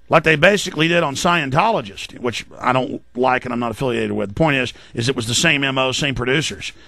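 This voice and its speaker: A male radio talk show host, delivering an emphatic, defensive, rapid-fire monologue. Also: fairly high pitch, vocal fry, pushed and bright, no room sound. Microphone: studio mic.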